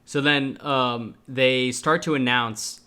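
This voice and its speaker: A man's voice: mid-range voice, steady tone, takes it slowly, bright, forceful tone, smooth. A man hosting a podcast in a casual chat, swearing freely and laughing often. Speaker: podcast host.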